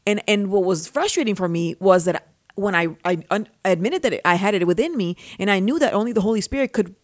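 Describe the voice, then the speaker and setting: A woman's voice: mid-range voice, fairly quick, no room sound, clean studio sound. A woman co-hosting a Christian talk show, telling stories in a sincere, reflective way. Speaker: co-host. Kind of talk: Christian podcast conversation.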